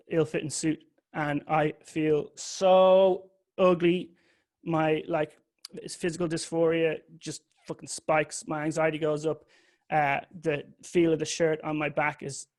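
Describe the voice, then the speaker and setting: A man's voice: a little high, vocal fry. A man giving a candid, confessional talk that mixes a personal story with occasional swearing. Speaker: public speaker.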